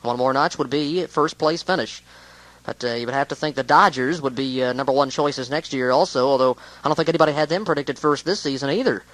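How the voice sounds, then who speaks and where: A man's voice: mid-range voice, fairly quick, a bit bright, no room sound, low-quality recording. A man giving a casual, rambling spoken recap of a baseball game, with many hesitations.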